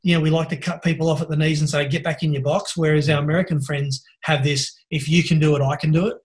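An Australian man, a podcast guest, telling lively stories over a video call and laughing often. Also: fairly high pitch, fast. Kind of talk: casual storytelling interview.

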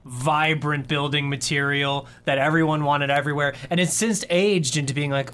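A man's voice: fairly high pitch, fairly even intonation, normal speed, hardly any pauses, a bit bright, clean tone. A man co-hosting a casual comedy podcast, rambling through improvised bits and laughing often. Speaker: podcast co-host.

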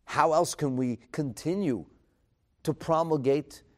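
A man's voice: fairly high pitch, a little slow, lightly acted. A man voicing a fickle ancient king inside a lecture, exclaiming in a fussy, petulant way. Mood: fretful. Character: fickle ancient Persian king, male, grown adult.

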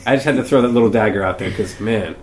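A man's voice: on the low side, fast, slight background noise. Sarcastic, profane man in casual movie chat. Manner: sarcastic, profane, does mocking impressions. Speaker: podcast co-host.

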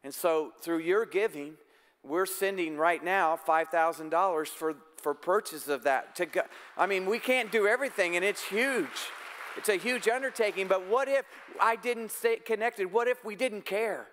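Pastor, male, high and smooth, earnest conversational sermon, long church reverb. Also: normal speed, fairly bright tone. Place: church sanctuary.

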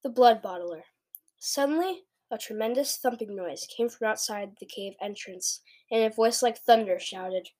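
A woman reads a children's chapter book aloud, lively and expressive, with a fairly high voice. Now and then she trips over a word and restarts it. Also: moderate pace. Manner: expressive reading with small stumbles. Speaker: book reader. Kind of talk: reading a children's novel aloud.

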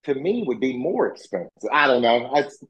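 A man's voice: mid-range voice, sing-song, moderate pace, fairly bright tone. A man with a Virginia accent, a guest on a video call chatting casually, rambling and restarting his sentences. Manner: rambling, self-correcting, emphatic. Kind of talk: casual chat. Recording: dull lo-fi video call audio.

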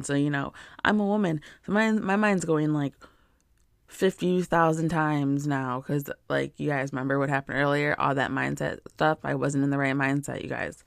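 A woman's voice: low voice, steady tone, moderate pace, creaky, no echo, studio quality. A woman, a mother, chatting casually to her viewers in a rambling way, full of "like" and "you guys". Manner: rambling, filler-heavy, lots of "like" and "you guys". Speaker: mother sharing business contacts with viewers. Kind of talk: casual chat to camera.

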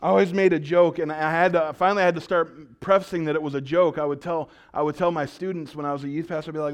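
A man's voice: fairly high pitch, fast, few pauses. A male pastor preaching a sermon, telling stories with jokes and acted-out quotes. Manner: storytelling, animated and joking, with acted-out quotes.

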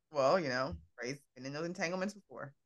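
A woman's voice: low voice, brisk. A woman guest chatting casually about wrestling in a wry, teasing way. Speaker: podcast guest.

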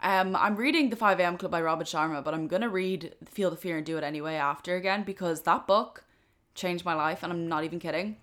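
Quick-paced and a bit bright, with a fairly low pitch, a woman in her twenties hosts a casual solo podcast episode. She chats earnestly, using "like" again and again.

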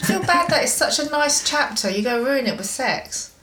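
A woman co-hosting a podcast, giggly and teasing, quick to laugh. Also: high voice, animated, sharp tone, roomy sound, slight background noise, rough recording. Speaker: podcast co-host.

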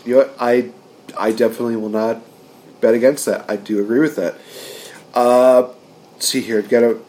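Male podcast co-host, excitable casual recap, mid-range voice. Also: medium pitch. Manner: excitable, acts out quotes in raised voices. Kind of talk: casual wrestling recap chat.

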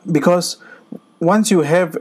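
A man's voice: high-pitched, slow, a little mellow, husky. A man co-hosting a podcast in casual chat, speaking earnestly with many fillers and restarts. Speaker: podcast co-host.

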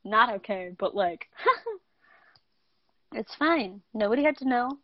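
A woman's voice: fairly high pitch, sing-song, slow pace, dry recording. A young woman co-hosts a casual podcast chat, candid and self-mocking, breaking into laughter often. The sound is dry and close, with a dull, lo-fi edge. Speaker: podcast co-host.

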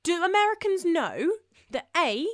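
A woman's voice: very high voice, big pitch swings, unhurried, no room sound, clean studio sound. A young woman of twenty-one chatting casually on a podcast, giggly and slangy. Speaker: podcast co-host. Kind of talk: casual chat.

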